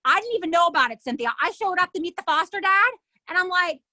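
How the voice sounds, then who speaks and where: Middle-aged woman, high bright voice, indignant storyteller, dry close sound. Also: quick pace, no echo. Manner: animated, acts out other people's lines. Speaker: interview guest. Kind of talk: emotional personal storytelling.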